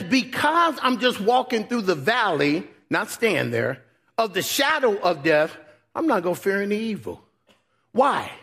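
A man preaching from the pulpit. His voice sits high and carries a husky edge. He climbs into loud exhortation, then drops to a low, near-hushed intimacy. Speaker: pastor. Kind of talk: sermon.

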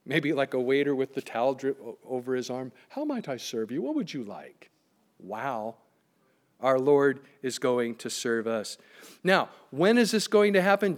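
A middle-aged male pastor preaching a sermon in a somewhat high voice. He reads scripture passages and mixes in stories from his own life, pressing hard on key words. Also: smooth. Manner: reads scripture aloud and tells personal stories.

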